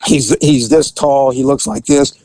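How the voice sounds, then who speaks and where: A man hosting a podcast, telling a police story in a relaxed, conversational way and acting out the people in it. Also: medium pitch, unhurried, no room sound, poor audio. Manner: animated storyteller who acts out the people in his story. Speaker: podcast host and former police officer. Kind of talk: casual storytelling.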